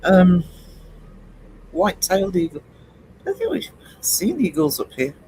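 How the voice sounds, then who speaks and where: Male streamer, higher register, loose chatty delivery with frequent ums. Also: very animated, measured pace, darkish tone, a little hiss or hum, rough recording. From United Kingdom. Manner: rambling, chatty, greets chat by name, many ums. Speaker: livestream host. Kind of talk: casual live-stream chat with viewers.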